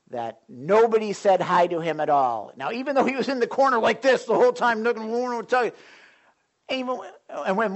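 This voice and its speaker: A man preaching a sermon, telling stories and acting out his own thoughts in an animated way. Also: high-pitched.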